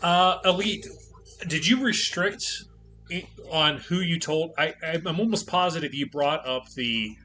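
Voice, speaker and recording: Sex: man. Role: game master. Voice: bright, forceful. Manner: laid-back, explaining. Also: on the high side, unhurried, soft background music. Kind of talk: casual tabletop chat.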